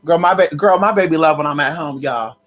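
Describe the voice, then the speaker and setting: With a deep voice and a brisk delivery, a woman hosts a laid-back livestream where she teaches conjure. She's sassy and talkative, calls her viewers "honey" and "girl," and bursts into loud laughter and exclamations.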